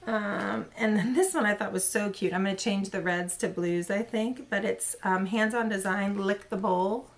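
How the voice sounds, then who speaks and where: Chatty woman with a gravelly voice. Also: medium pitch, normal speed, few pauses. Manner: chatty, rambling with many fillers and self-corrections. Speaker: cross-stitch channel host. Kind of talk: casual show-and-tell chat.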